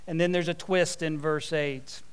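High-voiced animated preacher, clear tone. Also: male voice, a little slow. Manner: animated storytelling with folksy asides. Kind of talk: sermon.

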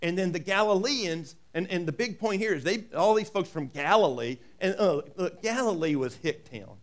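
A man's voice: high voice, expressive, normal speed, hardly any pauses. A man preaching a sermon in a folksy way, reading scripture and adding joking asides. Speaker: pastor.

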